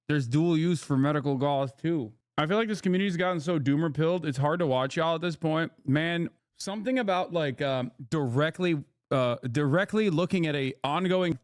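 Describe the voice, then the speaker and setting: A man riffing on clips during a live stream, fired up and sarcastic, hammering his points home. His voice sits a little high, and the sound is dry and close to the mic with no room around it. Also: no echo. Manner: sarcastic, heated, emphatic. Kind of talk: casual live-stream commentary.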